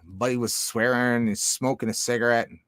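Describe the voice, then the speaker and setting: A man talking in a loose, profane, rambling monologue, jumping between loud outbursts and low mutters. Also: fairly even intonation, brisk, slight background noise. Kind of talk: casual monologue.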